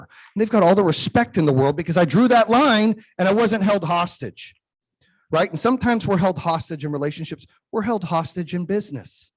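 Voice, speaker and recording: A man's voice: high-pitched, slightly rough, dry recording. A man in his forties giving a motivational keynote speech, telling stories with emphasis and frequent "right?" tag questions. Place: event stage before a live audience.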